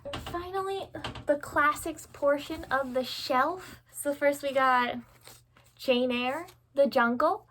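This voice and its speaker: A woman's voice: sits high, measured pace, fairly bright tone. A woman in her twenties talking casually at home about her bookshelves, candid and self-mocking, laughing often and swearing offhandedly, filmed on her phone. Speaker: book vlogger. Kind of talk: casual chatty vlog. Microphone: phone camera.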